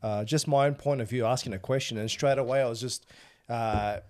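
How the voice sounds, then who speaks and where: A man hosting a podcast in casual conversation, talking in a rambling, halting way. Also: mid-range voice, a little mellow, clean tone. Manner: rambling, halting, many fillers and restarts. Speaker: podcast host.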